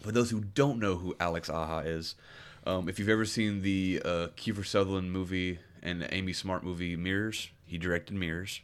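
A man co-hosting a podcast, talking casually in an earnest, informative way with some halting. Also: deep voice, steady tone, clear, resonant tone. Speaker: podcast co-host. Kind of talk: casual chat.

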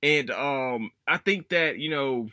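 A young man hosting a podcast, chatting casually in a rambling, profane, animated way. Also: mid-range voice, takes it slowly, no echo. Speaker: podcast host. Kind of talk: casual solo chat.

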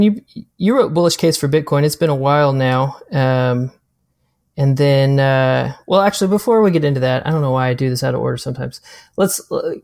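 A man's voice: medium pitch, a little mellow, no room sound, studio quality. A man hosting a podcast, talking casually and hesitating with fillers. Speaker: podcast host. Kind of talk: casual interview chat.

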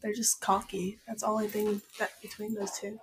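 A woman's voice: medium pitch, level tone, moderate pace, a little hiss or hum. A woman with a mid-range voice answers casually as a podcast guest, speaking into a headset. She is plainspoken and somewhat hesitant, keeping her answers short and simple.

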